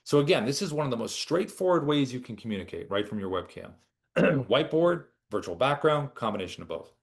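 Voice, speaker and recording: A man giving a relaxed, chatty software tutorial as a product trainer. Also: mid-range voice, fairly quick. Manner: relaxed, chatty, with lively ups and downs. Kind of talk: casual screen-share tutorial.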